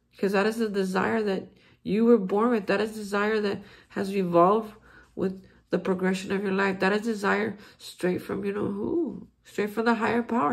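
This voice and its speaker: A man's voice: high-pitched, creaky. A man hosting a daily recovery reflection, speaking in an earnest, encouraging way with frequent restarts. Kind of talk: heartfelt spiritual recovery talk.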